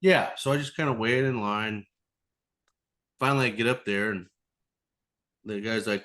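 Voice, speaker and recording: A man with a mid-pitched voice chats on a podcast as the guest. He tells a rambling story with plenty of swearing and acts out the people in it. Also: moderate pace, pauses often, a bit bright. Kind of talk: casual storytelling chat.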